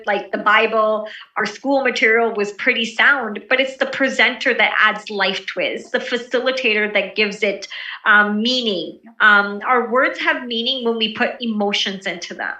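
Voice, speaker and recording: A woman's voice: fairly high pitch, bright, forceful tone. A woman instructor teaching presentation skills in an online class, encouraging and coaching, with many fillers and restarts. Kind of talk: live online class lecture. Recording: echoey room from far off.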